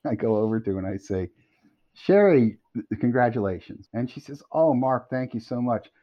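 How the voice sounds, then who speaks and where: A middle-aged man telling a long anecdote as a podcast guest, animated and quick to laugh. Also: medium pitch. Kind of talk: storytelling anecdote. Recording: dull lo-fi audio.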